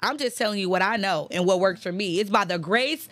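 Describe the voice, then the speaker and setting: A woman's voice: mid-range voice, brisk, fairly bright tone, no echo, studio quality. A woman hosting a casual faith-based talk on forgiveness, chatty and emphatic, repeating phrases for emphasis and breaking into preachy asides. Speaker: host.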